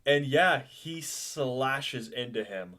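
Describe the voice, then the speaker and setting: Slow-talking laid-back game master man. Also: mid-range voice, expressive, sharp tone, a little hiss or hum. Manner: laughs often, swears casually, loose and chatty. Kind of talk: narrating a tabletop game.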